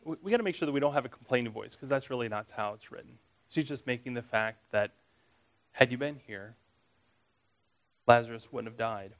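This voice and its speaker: A man's voice: medium pitch, fairly quick, pauses often, a bit bright, poor audio. A man teaching a Bible study. He reads scripture aloud, then explains it in a conversational way and asks his listeners questions.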